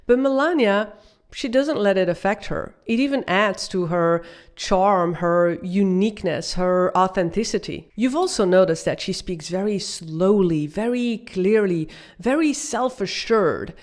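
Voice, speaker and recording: Non-native woman host, upbeat and emphatic, coaching viewers with pauses. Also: mid-range voice. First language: not English. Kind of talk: presenting a video lesson.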